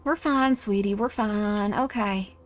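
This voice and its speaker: A woman voicing a gentle mother who softly reassures her frightened child. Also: mid-range voice, takes it slowly, pitched below the performer's own voice, close to an everyday voice. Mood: motherly. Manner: soft, reassuring, coddling.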